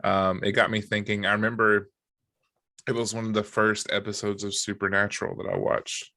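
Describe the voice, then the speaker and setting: A man's voice: fairly low pitch, moderate pace, no echo. A man co-hosting a podcast in casual chat, joking and reading from notes with lots of fillers. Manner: relaxed, joking, many fillers. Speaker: podcast co-host.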